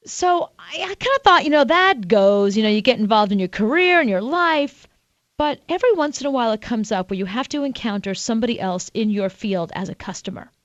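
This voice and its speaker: Brief: higher-voiced woman radio co-host, lively storyteller, dry muffled studio sound. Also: brisk, no room sound. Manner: chatty storyteller, animated, laughs often. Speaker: radio show co-host and author. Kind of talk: casual radio banter.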